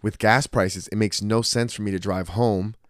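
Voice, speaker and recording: A man's voice: lowish voice, fairly even intonation, normal speed, dry recording, clean studio sound. A man hosting a podcast, talking casually in a blunt, profane, emphatic way. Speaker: podcast host and martial arts school owner.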